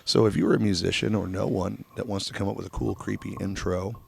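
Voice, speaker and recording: A man with a low, deeply gravelly, worn-out voice trades teasing jokes as a podcast co-host. His voice sounds crackly from a long session, with faint background noise. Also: fairly even intonation, quick pace. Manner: joking, teasing. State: strained, crackly voice. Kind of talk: casual chat.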